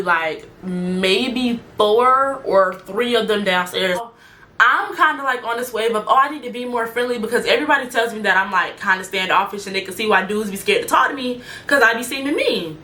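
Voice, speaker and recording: A young woman tells a story in a casual, slangy way and speaks directly to her viewers. Her voice is bright and forward. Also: medium pitch. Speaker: storyteller vlogger.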